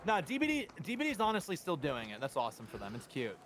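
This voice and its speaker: Jokey guy w a higher voice, bouncing all over while gaming with a friend. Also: quick pace, slight background noise. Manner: animated, jokey. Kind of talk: casual chat while gaming.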